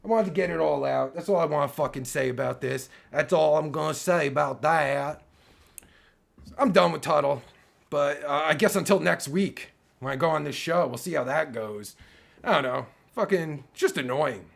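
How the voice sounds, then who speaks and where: A man's voice: fairly high pitch, normal speed, vocal fry. A man in his forties ranting loosely to his audience with heavy swearing, often breaking off mid-sentence, his voice getting worn. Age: 40s. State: losing his voice. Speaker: online video creator. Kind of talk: profane rant to camera.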